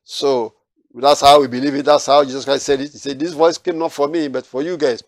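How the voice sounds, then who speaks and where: A man's voice: mid-range voice, fairly even intonation, fairly quick, dry recording, studio quality. A man teaching a Bible study, reading verses aloud and then explaining them, with frequent restarts.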